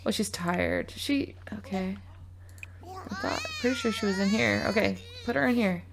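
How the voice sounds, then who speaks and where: A woman's voice: medium pitch, animated, moderate pace. Chatty woman narrating her gameplay. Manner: chatty, scolding her game characters. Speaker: gaming video host. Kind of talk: casual gameplay commentary. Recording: game music loud under voice. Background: game music and baby cries.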